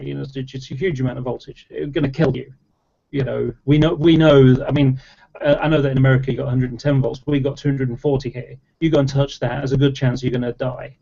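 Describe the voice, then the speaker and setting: Rambling man with a mellow voice. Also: medium pitch, creaky. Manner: rambling, heavy use of fillers and restarts. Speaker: debater in an online chat. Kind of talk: casual explanatory chat. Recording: dull lo-fi audio.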